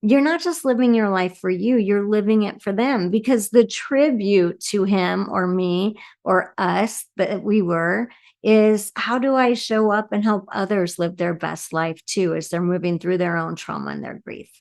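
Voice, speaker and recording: Unhurried and a little mellow, a medium-pitched woman talks earnestly in an interview about grief and compassion. She is a medium who tends to finish her points with "right?".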